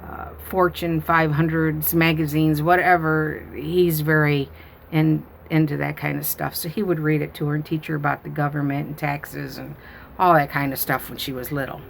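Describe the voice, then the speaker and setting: A woman's voice: sits low, level tone, moderate pace, creaky, a little hiss or hum. A grandmother chatting with viewers, telling rambling stories full of fillers. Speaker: grandmother and channel host. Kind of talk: casual storytelling to viewers.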